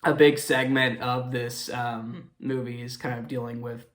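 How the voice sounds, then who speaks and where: A man's voice: medium pitch, little pitch movement, measured pace. A young man hosting a casual movie review, talking in a rambling way with many fillers and apologetic self-corrections.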